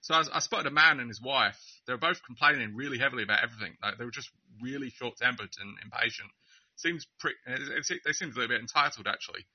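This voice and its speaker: A man's voice: medium pitch, fast talker, breathy edge. A young man with a Southeast Essex accent telling a personal story in a casual, wry, mocking way, stammering over restarts and chuckling. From England. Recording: slightly muffled recording.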